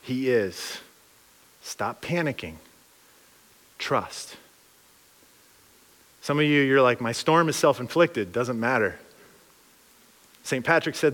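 A man's voice: medium pitch, a bit bright, long reverb tail. A man preaching a sermon in a casual, slangy way, acting out voices of the people he talks about. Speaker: pastor.

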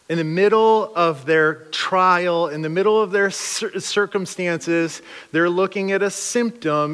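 A man telling a lively story as a pastor in a casual, conversational sermon, jumping into voices when he quotes people. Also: measured pace. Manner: animated, conversational, acts out quotes with big jumps in pitch. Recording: long hall reverb.

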